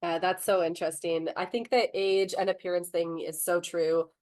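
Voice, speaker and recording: A woman's voice: lowish voice, flat delivery, normal speed, darkish tone. Earnest woman telling a story. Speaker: panelist. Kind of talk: panel discussion.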